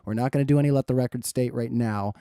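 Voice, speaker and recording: A man's voice: medium pitch, fast, warm tone, smooth, dry recording, clean studio sound. A man moderating a livestream debate, firmly keeping order and reading out viewer questions.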